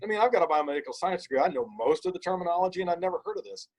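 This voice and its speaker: Husky-voiced man telling an animated story. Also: high voice, racing, rough recording. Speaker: podcast guest. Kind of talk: casual storytelling conversation.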